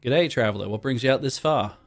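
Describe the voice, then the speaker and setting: A man's voice: mid-range voice, a little fast, no room sound, natural voice. A man voicing a matter-of-fact wandering male trader and tinkerer, reading the game's dialogue aloud in a loose put-on Australian accent.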